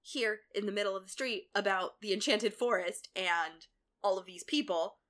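A woman co-hosting a casual podcast, retelling a TV episode and acting out the characters' lines, sometimes yelling and swearing. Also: medium pitch, normal speed. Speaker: podcast co-host recapping a TV episode. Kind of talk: casual chat.

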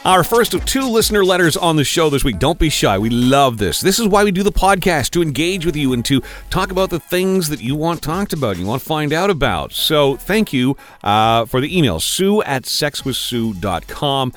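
Lively male podcast co-host. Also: on the high side, normal speed, few pauses, faint music behind. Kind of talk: casual chat.

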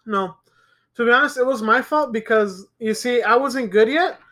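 A man's voice: very high voice, normal speed, sharp tone. A young man speaks in an ordinary mid-range voice on a casual podcast. He jokes and swears freely, often laughing along. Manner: profane, joking, laughs a lot. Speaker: podcast co-host. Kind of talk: casual chat.

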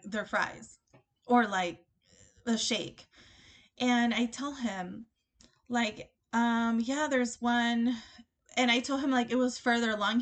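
This is a woman hosting a casual podcast, telling a story from her dating life. Her voice sits a little high, and her delivery is loose and chatty, with lots of little laughs. She acts out the lines of everyone in the story as she goes. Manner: chatty, animated, laughs often, quotes herself and others. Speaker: podcast host.

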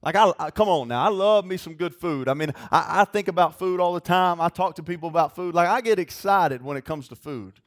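A young adult man preaching a sermon in a folksy storytelling way, building to excited shouts. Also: sits high, a little fast, few pauses. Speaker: youth pastor preaching.

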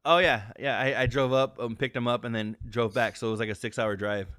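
A podcast co-host with a mid-range voice speaks briskly, telling stories in casual chat. He swears a lot and animatedly acts out the people he quotes. The sound is clean and studio quality, with no echo.

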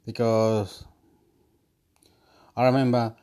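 A man's voice: mid-range voice, level tone, slow pace, mellow, clear, resonant tone. A man telling a rambling story at home into his phone, repeating himself, restarting sentences, swearing and laughing between phrases. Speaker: vlogger. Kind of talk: rambling casual monologue.

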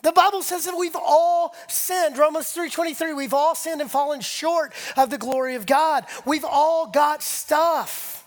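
A man's voice: very high-pitched, moderate pace, hardly any pauses. A man preaching a conversational sermon, leading the congregation and acting out imagined voices as his intensity rises. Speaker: pastor.

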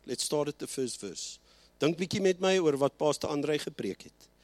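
A man preaching a sermon, moving between Afrikaans and English and slowing down to stress key lines. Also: a little high, lively intonation, a little mellow. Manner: switches between Afrikaans and English, slows and rises for emphasis. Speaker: pastor.

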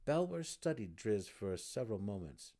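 A man narrating a fantasy novel as an expressive dramatic reading. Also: on the low side, normal speed.

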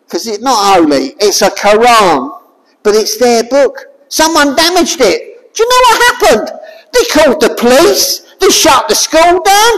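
Emphatic preacher in a reverberant hall. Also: high-pitched. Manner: emphatic, fires rhetorical questions at listeners; forceful, raises voice to a shout at times. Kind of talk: sermon.

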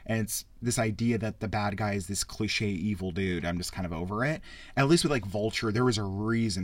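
A man hosting a casual spoken film review, rambling and excitable, with frequent swearing. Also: fairly low pitch, no echo. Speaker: podcast host reviewing a film.

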